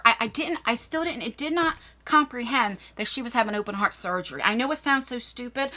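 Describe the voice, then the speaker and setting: A woman's voice: fairly high pitch, pushed and bright. A woman in her forties telling a personal story in a vlog, emotional and rambling, often restarting her sentences. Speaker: vlogger.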